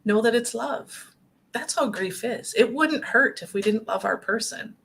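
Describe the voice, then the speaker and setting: A woman speaking gently and earnestly about grief from her own experience, in a conversational talk. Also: a little high, a little slow, creaky, slightly rough. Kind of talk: conversational talk show discussion.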